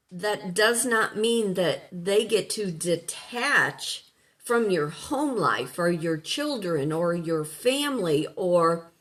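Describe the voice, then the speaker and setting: A woman's voice: mid-range voice, fairly bright tone. A woman life coach talking casually at home, rambling and conversational, who breaks off now and then to scold her dog. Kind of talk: casual spoken monologue.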